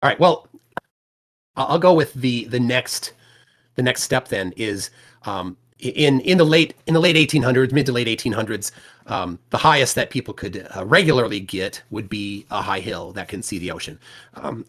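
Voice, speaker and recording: A man hosting a livestream, talking in a casual, halting way with many restarts and fillers. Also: mid-range voice, animated, a bit bright. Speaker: livestream host.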